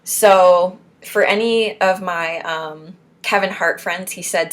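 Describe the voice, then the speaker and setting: Slow-talking encouraging woman from Florida. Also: fairly low pitch, fairly even intonation. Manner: encouraging, pep-talk asides between read points. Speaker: support group host. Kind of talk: reading and commenting on speech exercises.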